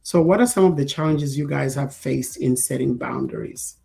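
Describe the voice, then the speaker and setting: A woman's voice: rumbling low, normal speed, vocal fry, mellow, soft background music. A woman from Africa hosting a talk show, posing questions to her co-hosts and laying out definitions. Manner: poses questions to the panel and defines terms. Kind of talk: guiding a panel discussion.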